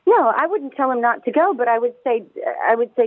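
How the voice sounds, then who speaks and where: A woman calling in to a radio talk show, speaking fast and emphatically and often restarting her words. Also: fairly high pitch, sing-song, dry recording. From United States. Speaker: caller. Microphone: telephone. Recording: tinny phone line, dry.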